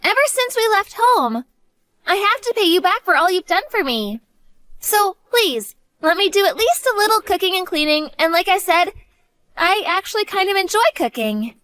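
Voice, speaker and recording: A woman's voice: very high voice, very animated, moderate pace, sharp tone, no echo, heavily acted. A woman doing an earnest college-age daughter. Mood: affectionate. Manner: earnest, pleading.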